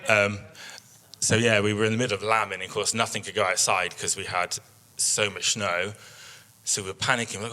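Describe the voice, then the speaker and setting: A man's voice: lowish voice, steady tone, fast talker, sharp tone. A man in his thirties, a sheep breeder giving a chatty, story-filled workshop talk with slides and plenty of ums. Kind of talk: presentation with slides.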